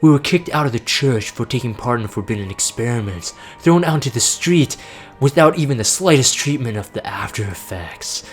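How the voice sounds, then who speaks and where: A man voicing a cold, weary young male traitor mage in a flat, solemn way. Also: mid-range voice, normal speed, breathy edge, soft background music. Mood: grim.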